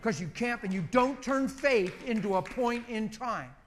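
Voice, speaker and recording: A man's voice: very high-pitched, lively intonation, measured pace, fairly bright tone, a little hiss or hum. A middle-aged male pastor preaching and leading a congregation in prayer, conversational and exhorting, repeating short commands. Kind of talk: sermon leading group prayer.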